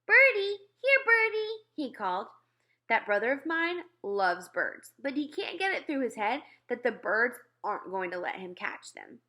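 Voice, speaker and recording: A woman reading a children's novel aloud with expressive storytelling. Her voice is bright and sits a little high, and her pitch moves a lot from line to line. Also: moderate pace. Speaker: reader.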